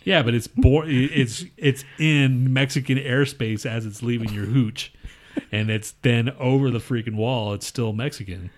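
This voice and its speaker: A man's voice: mid-range voice, measured pace, a little hiss or hum. Rambling, swearing male podcast co-host. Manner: rambling, swears a lot, reads trivia facts aloud. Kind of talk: crude casual banter.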